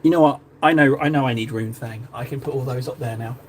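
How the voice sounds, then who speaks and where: A man's voice: mid-range voice, quick pace, a little hiss or hum. A chatty, jokey man from Cornwall, talking casually to viewers while painting on a live stream. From Cornwall, England.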